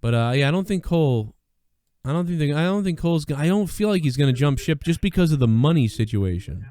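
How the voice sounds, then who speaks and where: A man's voice: a little high, big pitch swings, a little fast, dark tone, no echo, studio quality. A man hosting a call-in show, chatting casually with loose, profane storytelling and repeated phrases.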